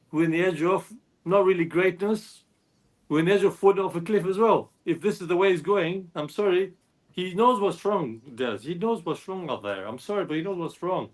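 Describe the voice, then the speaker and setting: A man talking as a football fan panelist, earnest and frustrated, rambling through his points. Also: high-pitched. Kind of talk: passionate football fan chat.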